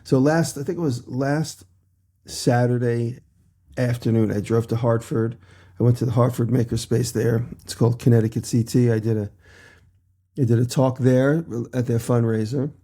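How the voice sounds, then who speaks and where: A man's voice: mid-range voice, steady tone, warm tone. A man who is a little run down, chatting casually as a podcast co-host and recounting a busy week one event after another. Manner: quick travel recap, listing one event after another. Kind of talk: casual chat.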